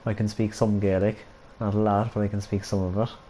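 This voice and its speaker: Mellow-voiced man streaming a game. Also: lowish voice, level tone, a little fast, a little hiss or hum, poor audio. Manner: jokey banter with chat. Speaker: gaming streamer. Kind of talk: casual live-stream chat.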